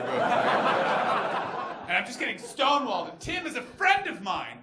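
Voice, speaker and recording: Loud, high-voiced man doing stand-up. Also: sing-song, moderate pace, very noisy. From Canada. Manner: loud, manic, shouting punchlines. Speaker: stand-up comedian. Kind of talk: stand-up comedy set. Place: comedy club stage with audience. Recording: echoey club with loud crowd laughter.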